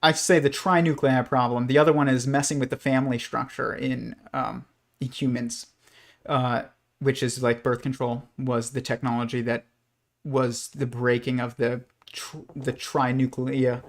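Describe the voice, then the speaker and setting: A man's voice: medium pitch, level tone, normal speed. Rambling male livestream host. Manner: rambling, hesitant, many fillers and restarts. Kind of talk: casual livestream commentary.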